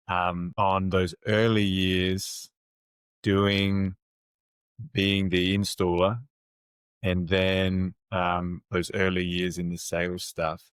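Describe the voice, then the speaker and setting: A man with a fairly low voice hosts a podcast interview and sums up his guest's ideas in a thoughtful, conversational way. His voice is recorded close and dry, with no room sound. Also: smooth, no room sound. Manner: thoughtful, summarizing the guest's points. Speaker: podcast host.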